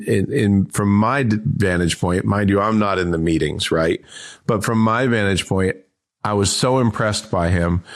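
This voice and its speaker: A man in his fifties, a guest on an interview, telling anecdotes in a lively, restart-heavy way. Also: on the low side. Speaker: guest, entrepreneur and author. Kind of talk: casual interview storytelling.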